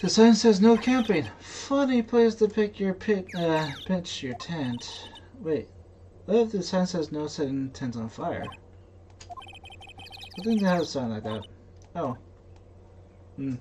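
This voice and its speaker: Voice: mid-range voice, animated, a little slow, long pauses, darkish tone, slight background noise. A game dubber reading a game's text aloud with chatty, playful asides.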